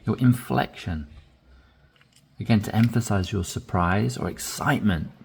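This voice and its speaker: A man teaching English conversation, modeling phrases slowly with deliberately stressed inflection. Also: fairly low pitch, creaky, slight background noise. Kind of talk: language lesson, reading dialogue aloud.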